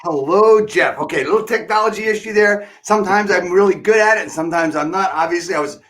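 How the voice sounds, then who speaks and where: A man's voice: sits high, fast talker, fairly bright tone. A man hosting an interview show, rambling and restarting his questions. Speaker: host. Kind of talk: casual interview chat.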